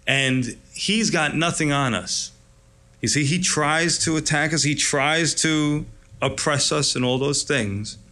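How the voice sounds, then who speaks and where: A man's voice: medium pitch, sharp tone. A man preaching a sermon in an enthusiastic, conversational, storytelling way. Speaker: pastor.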